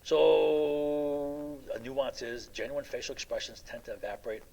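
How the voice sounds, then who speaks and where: A man's voice: medium pitch, little pitch movement, a little slow, vocal fry, warm tone, low-quality recording. A middle-aged man giving an informal classroom lecture, rambling through anecdotes with many fillers and a constant "right?". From United States. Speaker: college lecturer.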